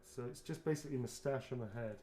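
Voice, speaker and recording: A man's voice: mid-range voice, quick pace, warm tone. A man, an actor, chatting casually and rambling through a livestream autograph signing, swearing freely as he goes.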